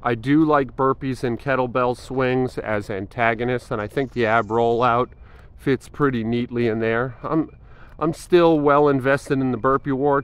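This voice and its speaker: Man, forties, fitness vlogger, rambling casual talk, mid-pitched voice, lots of ums and restarts. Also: clean tone. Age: 40s. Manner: rambling, thinking aloud with many fillers and restarts.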